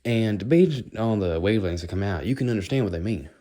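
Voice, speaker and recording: A man's voice: lowish voice, animated, a little fast, dark tone. An American man rambling casually in a walk-and-talk monologue, musing as he goes. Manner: rambling, musing, does playful accent impressions. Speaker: vlogger.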